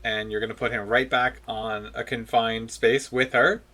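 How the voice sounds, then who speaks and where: Bright-toned man in casual discussion. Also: medium pitch, flat delivery, normal speed.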